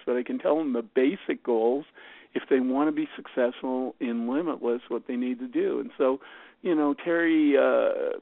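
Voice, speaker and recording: Man, team leader on a call: gravelly voice, rambling pep talk with lots of fillers, dry tinny phone sound. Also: medium pitch, no room sound. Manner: rambling, full of fillers and restarts. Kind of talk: motivational talk on a conference call.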